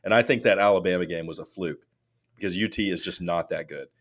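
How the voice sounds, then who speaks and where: A man co-hosting a casual podcast, telling animated stories that rise into loud mock rants. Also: deep voice, fast. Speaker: podcast co-host.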